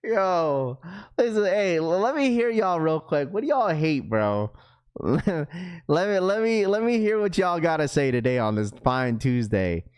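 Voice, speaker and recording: A man's voice: on the high side, big pitch swings, measured pace, a little mellow, clear, resonant tone. A man hosting a livestream in casual chat, reading out viewer comments in slangy talk and laughing often. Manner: slangy, keeps saying bro, reads viewer comments aloud; laughs often, loose and joking. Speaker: livestream host.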